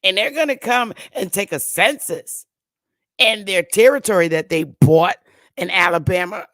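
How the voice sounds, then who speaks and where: A woman's voice: mid-range voice, moderate pace, fairly bright tone, no echo. A woman with a New York accent giving an emphatic, repetitive casual monologue with frequent swearing. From northern United States. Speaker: commentary host.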